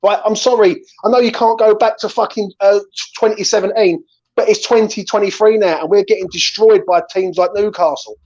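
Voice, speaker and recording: A man's voice: high-pitched, fairly even intonation, a little fast, a little mellow. A man hosting a fan channel, ranting and swearing in an angry chat after a match. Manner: ranting, swearing, keeps saying "right?" and "mate". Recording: slightly dull lo-fi sound.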